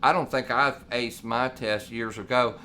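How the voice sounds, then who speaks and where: A man's voice: medium pitch, fairly even intonation, unhurried, sharp tone, a little hiss or hum. A man, co-hosting a casual talk show and telling long stories full of quoted dialogue. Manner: rambling, storytelling with quoted dialogue. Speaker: podcast co-host. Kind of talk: casual chat.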